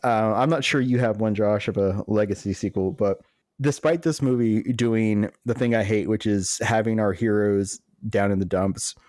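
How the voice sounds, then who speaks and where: A man's voice: on the low side, moderate pace, a little mellow, dry recording. A man co-hosting a podcast, chatting casually in an upbeat way and laughing easily. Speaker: podcast co-host. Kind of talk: casual chat.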